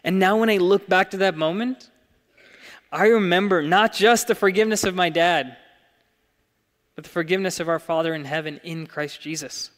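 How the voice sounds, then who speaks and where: A man's voice: high-pitched, moderate pace. Earnest young male preacher, echoing hall. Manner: earnest, rising to emphatic peaks then dropping soft. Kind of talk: sermon. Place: church hall. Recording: long hall reverb.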